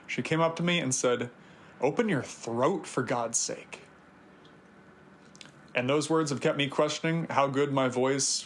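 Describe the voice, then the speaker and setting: A man's voice: mid-range voice, fairly bright tone, slight background noise. A man around thirty, hosting a personal video series, narrating scripted reflections in an earnest, confessional way.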